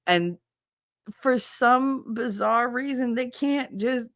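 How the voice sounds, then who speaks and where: A woman streamer chatting casually while she works, telling animated stories, laughing often and acting out the people she quotes. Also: fairly high pitch, slow pace, dry recording, studio quality. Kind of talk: casual chat while doing a task.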